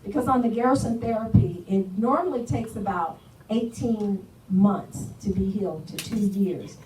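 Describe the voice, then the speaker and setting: A woman's voice: medium pitch, a little slow, darkish tone. A middle-aged woman giving a personal testimony, telling her story earnestly and acting out what others said. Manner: earnest storytelling, acts out dialogue. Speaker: guest speaker giving a testimony. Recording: echoey room, from far off, faint noise.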